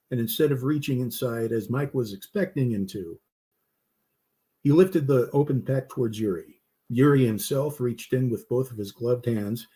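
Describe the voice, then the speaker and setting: A man telling a campfire story at a middling pitch, steady in his delivery. He makes small slips and restarts and then carries on. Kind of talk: storytelling narration.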